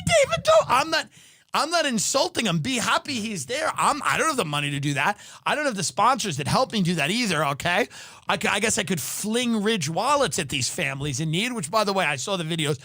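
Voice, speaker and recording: High-pitched guy ranting on his podcast, swearing a lot, voice bouncing all over, super dry sound. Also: bright, forceful tone, no room sound. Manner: profane, sarcastic, exaggerated. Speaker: podcast host. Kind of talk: comedic rant.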